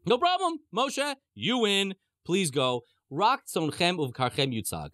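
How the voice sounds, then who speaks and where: A man's voice: high-pitched, sing-song, unhurried, pushed and bright, no echo, studio quality, pitched above the performer's own voice, exaggerated voice. Pharaoh, an indignant haggling king, as a man puts him on. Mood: pleading. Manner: indignant, wheedling, talks in repeated short jabs. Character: exasperated, haggling male king of Egypt.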